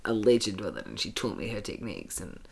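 A podcast co-host joking and teasing through casual, quick-witted banter. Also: low-pitched, big pitch swings, gravelly, darkish tone, breathy edge.

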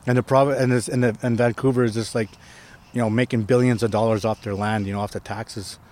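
Man, chief, casual storytelling, restarts and tag questions, outdoors, mid pitch. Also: fairly even intonation, brisk, darkish tone. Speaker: First Nation chief. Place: outdoors on a hill.

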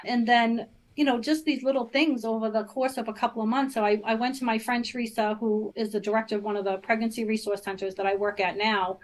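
A woman's voice: on the high side, fairly even intonation, fast talker, few pauses, rough recording. A middle-aged woman, telling her personal faith story as a podcast guest, earnest and full of fillers. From Boston area. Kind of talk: personal testimony in casual interview.

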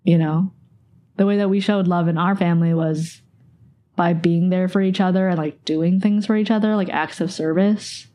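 A woman's voice: lowish voice, fairly even intonation, normal speed, dark tone. A young woman in her twenties hosting a podcast, sharing a personal recollection in a casual, rambling way with lots of "like". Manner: casual, rambling, heavy use of "like". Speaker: podcast host.

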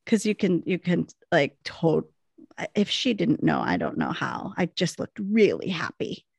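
A woman's voice: on the low side, unhurried, vocal fry, slightly rough, no echo. A woman co-hosting a casual chat, telling a story and acting out what she said back then. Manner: animated, acts out her own past lines.

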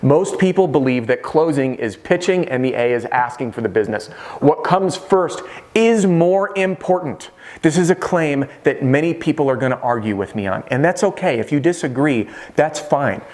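A man teaching roofing sales straight to camera in an energetic way, firing off rhetorical questions. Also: medium pitch, brisk, few pauses. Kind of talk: direct-to-camera sales training talk.

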